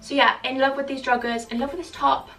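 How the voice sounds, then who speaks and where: A young fashion vlogger gushes about clothes in a casual try-on haul, bubbly and chatty with plenty of fillers. Her voice is raised, gravelly, high-sitting and a bit bright, yet flat in delivery, fast, and slightly breathless. She sits back from a distant mic with faint music behind her.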